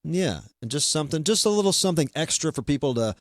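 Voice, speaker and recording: A man's voice: fairly high pitch, big pitch swings, fast, no echo, studio quality. A man chatting casually as a podcast host, rambling loosely with many fillers and restarts. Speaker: podcast host being interviewed. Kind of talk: casual chat.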